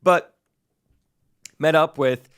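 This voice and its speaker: A young man, a podcast co-host, casually telling a story and acting out the people he quotes in a higher voice. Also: drawn-out words, clear, resonant tone. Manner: animated, acts out quoted voices in a higher pitch.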